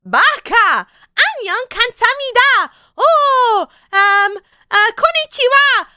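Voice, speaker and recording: A woman putting on the voice of an excited young anime fan girl, squealing high. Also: slow pace, no echo, clean studio sound, full character voice.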